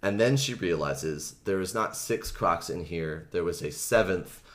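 A man with a deep, low-pitched voice recaps a book on a comedy podcast. He tells it loosely and animatedly, full of "like" and fillers. He slips into the characters' lines and laughs a lot. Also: measured pace. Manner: animated retelling, acts out quotes, laughs often, many fillers.

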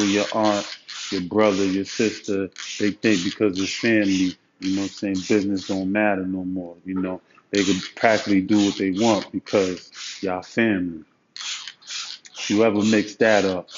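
A man's voice: low voice, normal speed. A man giving street advice in a casual storytelling monologue, full of slang and "you know what I'm saying". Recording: muffled lo-fi recording with steady noise.

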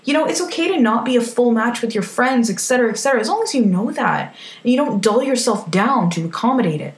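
A woman's voice: a little high, expressive, quick pace, echoey room. A woman giving a frank, emphatic motivational talk, swearing casually as she speaks. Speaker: self-help speaker.

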